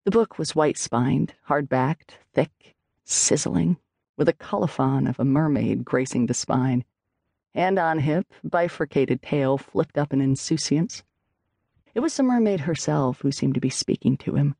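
An audiobook narrator reads literary fiction with measured expression. The tone is mellow and dark with a gravelly texture, and it is recorded close and dry in a studio. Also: mid-range voice, expressive, no echo.

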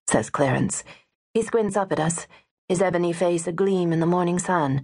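A woman narrating a first-person audiobook, wry and expressive. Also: fairly low pitch, normal speed.

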